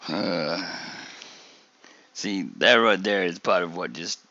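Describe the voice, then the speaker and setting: Deep gravelly guy ranting slow about a video, lots of uh and you know, kinda dull lo-fi mic. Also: bright, forceful tone, no echo. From Australia. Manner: annoyed, rambling with many fillers. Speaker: reaction video host. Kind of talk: casual reaction commentary.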